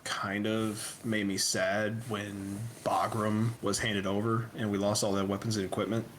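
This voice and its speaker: A young man co-hosting a podcast, swapping profane, animated stories in casual chat. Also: lowish voice, unhurried, a little hiss or hum. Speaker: podcast co-host.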